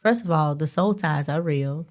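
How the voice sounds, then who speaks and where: A woman with a lowish voice hosts a conversational podcast. She talks reflectively and a bit hesitantly, trailing into "um" and restarting her sentences as she works toward her questions. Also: normal speed, a little mellow. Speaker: podcast host. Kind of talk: conversational interview.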